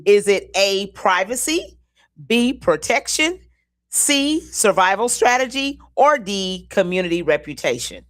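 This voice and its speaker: A woman co-hosting a community show, reading trivia questions slowly and deliberately and laughing often. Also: medium pitch, expressive. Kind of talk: casual radio-style chat, game quiz.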